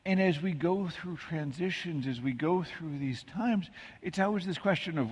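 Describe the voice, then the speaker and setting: Preaching a sermon at a moderate pace, this man from the American Midwest has a fairly high, slightly husky voice that echoes through the church sanctuary with long reverb. His style is easygoing and conversational, storytelling with asides and jokes at his own expense.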